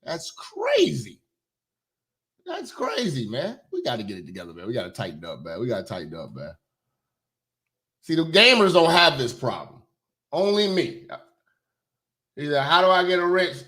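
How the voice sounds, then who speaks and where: Lively, bright-voiced man joking on a livestream. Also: medium pitch, moderate pace, long pauses. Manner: loud, joking, profane, laughs often. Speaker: livestream host. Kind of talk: casual livestream commentary.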